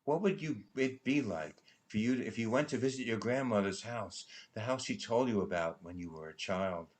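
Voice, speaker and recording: A man reading a prose poem aloud in a slow, dramatic recitation, his voice hushed and trailing into near-whispers at the ends of lines. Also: on the low side. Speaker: poetry reader at a benefit concert.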